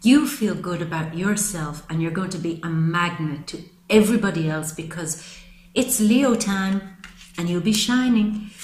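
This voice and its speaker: A woman's voice: fairly low pitch, a little slow, darkish tone. Affectionate woman tarot reader, roomy sound. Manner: affectionate and gushing toward viewers. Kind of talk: monthly tarot reading to camera.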